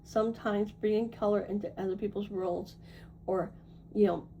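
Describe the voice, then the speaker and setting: A woman's voice: mid-range voice, steady tone, normal speed, dark tone, highs cut off, a little hiss or hum. A woman giving a casual tarot reading to her viewers, reassuring and chatty, often checking in with "right?" and "okay?". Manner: loose and chatty, with fillers and self-corrections. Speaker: tarot reader.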